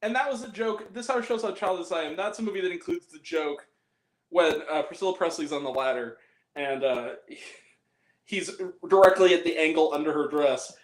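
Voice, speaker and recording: A high-pitched man chats casually about movies at a moderate pace, loose and excitable and laughing often. He keeps acting out lines from comedies, and his voice rings around an echoey room.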